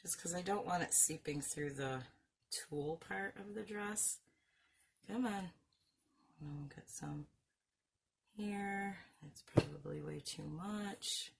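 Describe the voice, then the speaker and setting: A woman's voice: on the low side, takes it slowly, creaky, long pauses, a little hiss or hum. A woman hosting a craft video, chatting casually, mocking herself and laughing often as she works. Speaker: craft channel host. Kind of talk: casual craft-along chat.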